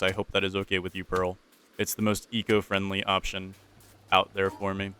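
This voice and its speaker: A man's voice: low voice, little pitch movement, normal speed, vocal fry, pushed and bright, clean tone. A young man casually commentating a survival game, playful and joking, talking to the game's characters. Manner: playful, talks to game characters, jokey pirate voices. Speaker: gameplay commentator.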